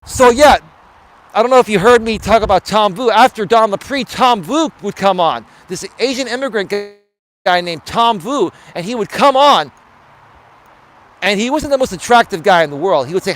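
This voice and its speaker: A man's voice: high-pitched, lively intonation, normal speed, a bit bright. A man life coach talking bluntly to his live chat while walking outdoors around a building, streaming from his phone. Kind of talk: casual live-stream monologue.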